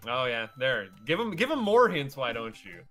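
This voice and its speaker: A man's voice: medium pitch, very animated, normal speed, sharp tone, soft background music. A man from Canada chatting casually on a stream, joking and giggling as he talks. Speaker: co-host. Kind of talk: casual chat.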